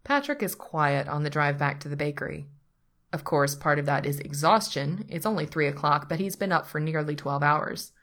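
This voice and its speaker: A woman narrating a story aloud in an even, unhurried manner. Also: sits low. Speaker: story reader. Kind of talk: reading fan fiction aloud.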